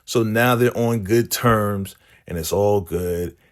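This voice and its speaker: A man casually recapping a TV episode and quickly putting on the voices of the characters he quotes. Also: lowish voice. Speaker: recap channel host. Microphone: podcast microphone.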